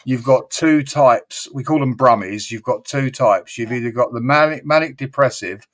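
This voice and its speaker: A man's voice: mid-range voice, moderate pace. A man from England, chatting casually on a livestream panel and mimicking regional British for laughs. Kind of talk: casual chat.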